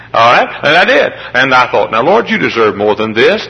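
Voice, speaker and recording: A man preaching a sermon to a congregation, building from plain talk up to high, emotional cries. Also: very animated, normal speed, gravelly, rough recording. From Midwestern United States. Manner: emotional, rises to high pitched shouts. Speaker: traveling preacher.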